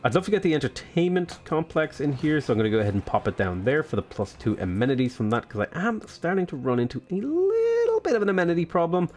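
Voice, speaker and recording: A man's voice: a little high, sing-song, fast talker, few pauses, darkish tone. A man hosting a casual let's play, rambling and joking with lots of fillers, with faint game music behind. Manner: playful, jokey, rambling with many fillers. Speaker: gaming video host.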